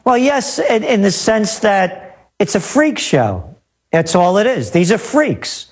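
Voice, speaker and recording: A man's voice: sits high, sing-song, slow pace, breathy edge. A man speaking as a guest forecaster in a talk radio interview, indignant and scornful.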